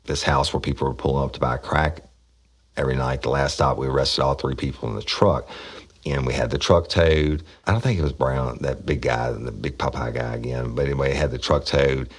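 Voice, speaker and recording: A man's voice: very deep voice, fairly even intonation, brisk. A middle-aged man, a former police officer, telling rambling, profane stories in a casual podcast. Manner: profane, rambling storyteller who acts out quotes loudly. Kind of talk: casual true-crime storytelling.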